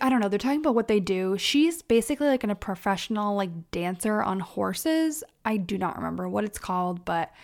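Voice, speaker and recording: Chatty young woman with a gravelly edge. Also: mid-range voice. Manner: chatty and animated, acting out quotes in her own voice. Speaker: podcast host. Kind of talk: casual solo recap chat.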